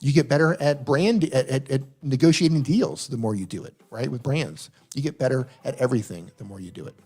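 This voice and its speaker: A man's voice: mid-range voice, brisk, warm tone, breathy edge. A man hosting a live stream Q&A, coaching viewers on their channels, often repeating himself for emphasis. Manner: coaching, repeats himself, reads chat aloud. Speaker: host. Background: faint funk music.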